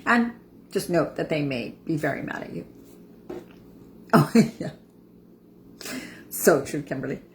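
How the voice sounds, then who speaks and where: Earnest woman in her fifties, lower voice. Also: expressive, slow pace, long pauses, a little hiss or hum. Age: 50s. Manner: conversational, repeats words for emphasis. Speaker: empowerment coach. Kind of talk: casual motivational talk.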